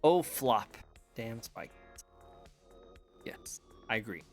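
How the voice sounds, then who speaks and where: A man's voice: medium pitch, expressive, slow pace, faint music behind. Chatty laughing man hosting an interview. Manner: laughs often, chatty and rambling. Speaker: interview show host. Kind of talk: casual chat over a call.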